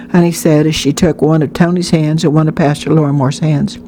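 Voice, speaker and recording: A woman narrating an audiobook in a calm, steady storytelling manner. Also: sits low, fairly quick, hardly any pauses, a little hiss or hum. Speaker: audiobook reader. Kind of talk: scripted narration.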